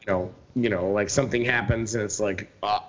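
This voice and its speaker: A man's voice: on the low side, steady tone, a little fast. A man co-hosting a sports podcast, ranting heatedly with lots of swearing and filler words. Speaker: podcast co-host. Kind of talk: profane sports podcast rant. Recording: dull lo-fi podcast recording.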